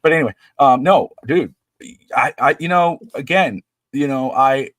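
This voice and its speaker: A man's voice: medium pitch, a little slow, a bit bright, no echo. A middle-aged man co-hosting a wrestling podcast in casual chat, rambling and restarting his sentences. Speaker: podcast co-host.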